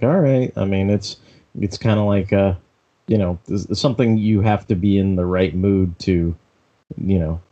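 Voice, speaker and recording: A man's voice: sits low, warm tone. A man co-hosting a podcast in casual chat, rambling with many stammered restarts. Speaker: podcast co-host. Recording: dull lo-fi sound.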